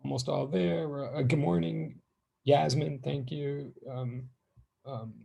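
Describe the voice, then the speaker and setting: A man's voice: a little high, fairly even intonation, slow, creaky, warm tone, breathy edge, highs cut off. A man in his fifties, a physics teacher, chatting casually and rambling with his class as students join. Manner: rambling, chatty, self-deprecating.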